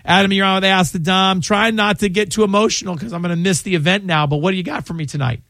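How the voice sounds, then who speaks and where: A man's voice: sits high, fairly even intonation, quick pace, pushed and bright, dry recording, clean studio sound. A man hosting a call-in legal advice radio show, talking in a chatty, rambling way and often restarting his sentences. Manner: chatty, rambling, self-interrupting. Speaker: radio show host and lawyer.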